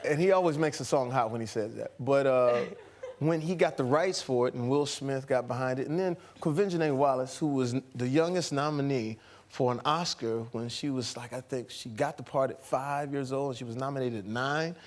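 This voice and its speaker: A man's voice: mid-range voice, brisk. A man appearing as an actor guest on a chat show, telling his stories in an easygoing, rambling way. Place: TV studio.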